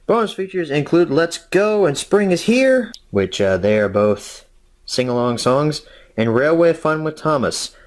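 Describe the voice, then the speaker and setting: A man's voice: a little high, big pitch swings, a little slow. A young man hosting a casual review, rambling and self-deprecating with jokey asides. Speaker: host.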